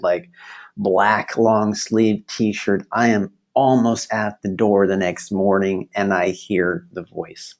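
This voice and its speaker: A male instructor giving a virtual class, telling a story in an animated, chatty way and laughing often, over a video call. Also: on the low side.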